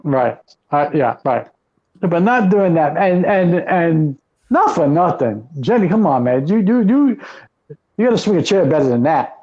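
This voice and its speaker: A man's voice: on the high side, sing-song, unhurried, a little mellow. A man co-hosting a wrestling podcast in casual chat, talking in emphatic, exasperated rants. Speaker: podcast co-host. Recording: dull lo-fi sound.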